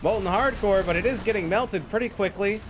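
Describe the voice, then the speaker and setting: A man casting a live esports match with energetic play-by-play, calling out fights and thanking viewers. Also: sits high, a little fast, noisy background. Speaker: esports caster.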